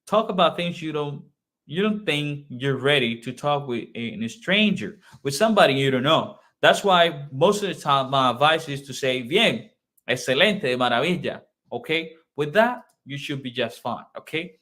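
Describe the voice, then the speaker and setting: A man's voice: fairly high pitch, lively intonation, normal speed, pushed and bright. A man from Colombia with a Colombian Spanish accent, a native Spanish speaker, teaching an online Spanish lesson in English, repeating phrases patiently and checking in with "okay?".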